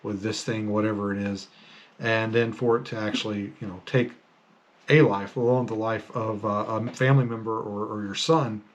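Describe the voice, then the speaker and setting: A man's voice: lowish voice, steady tone, normal speed. A man hosting a podcast, telling stories in a casual, rambling way with many fillers and restarts. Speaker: podcast host. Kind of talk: casual storytelling monologue.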